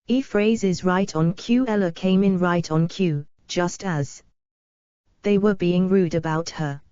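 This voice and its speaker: A woman reading dictionary entries aloud in a flat, literal way, speaking each symbol and abbreviation. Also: fairly low pitch, slow, clear, resonant tone, no room sound, lo-fi sound.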